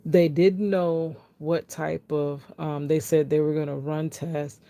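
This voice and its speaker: A woman vlogger telling a personal health testimony in an animated way, acting out what people said and talking straight to her viewers. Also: low voice, takes it slowly, no echo. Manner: animated, acts out quotes, talks straight to viewers.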